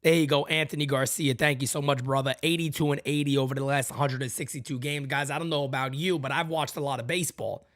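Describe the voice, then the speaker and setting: A man's voice: mid-range voice, steady tone, fast talker, hardly any pauses, a bit bright, no echo, studio quality. A man hosting a fan podcast, ranting in a heated, blunt and profane way and speaking straight to his listeners. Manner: talks straight to listeners as "guys" and "folks". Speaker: podcast host.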